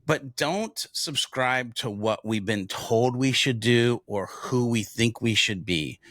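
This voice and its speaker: A man's voice: medium pitch, slow, a bit bright, no room sound, clean studio sound. A middle-aged man co-hosting a casual podcast, earnest and reflective, building to emphatic thanks. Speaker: podcast co-host. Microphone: video podcast camera with close mic.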